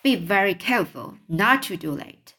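Woman reading as a big gentle old giant. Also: medium pitch, animated. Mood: fussing. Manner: slow storybook reading of a giant's lines. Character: huge kindly old male giant, gentle, mangled grammar. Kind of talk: reading a children's book aloud.

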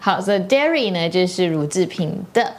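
Woman teacher, quick grammar tips for learners, keeps asking ok?. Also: on the low side, expressive. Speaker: co-host teacher. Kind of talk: bilingual grammar explanation.

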